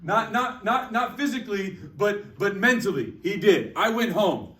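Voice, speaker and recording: A man giving an energetic sales training talk to a group, repeating his phrases. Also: sits high, normal speed. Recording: echoey room, distant mic.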